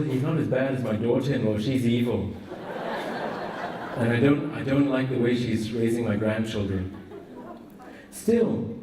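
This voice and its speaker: A man's voice: mid-range voice, mellow, recorded from a distance, a little hiss or hum, natural voice. A man voicing a grumbling older woman at confession who rants indignantly about her family. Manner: gossipy, indignant rant. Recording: roomy echo, voice from afar.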